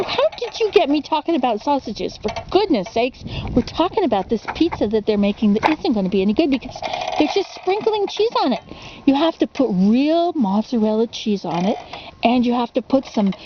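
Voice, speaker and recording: A woman's voice: high voice, sing-song, a little fast, highs cut off, background noise. A woman casually reading a children's storybook for ASMR, rambling into asides and asking the listener questions.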